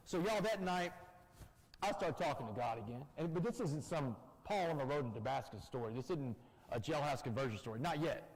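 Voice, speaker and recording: A Texan man gives an emphatic personal testimony as a guest speaker, addressing the audience directly in a church hall with long reverb. His voice is fairly high, lively in intonation and a little fast.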